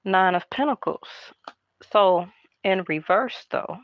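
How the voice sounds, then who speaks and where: Woman, tarot reader, hushed half-whisper, chatty, slow, slightly muffled dry sound. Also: mid-range voice, no room sound. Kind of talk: casual tarot card reading.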